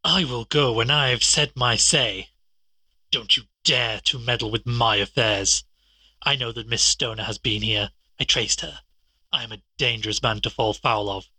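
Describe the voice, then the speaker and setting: Guy doing a big mean old doctor, snarly and husky, lower and louder than his normal read, bright edge. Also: moderate pace, no room sound, poor audio. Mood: menacing. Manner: snarling, threatening. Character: huge fierce old male country doctor, menacing bully. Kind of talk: audiobook character reading.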